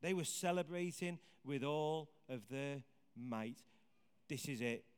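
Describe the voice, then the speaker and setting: A man preaching a sermon in a conversational, animated way, asking the congregation questions. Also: medium pitch, takes it slowly, clean tone. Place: church hall with congregation. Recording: hall reverb.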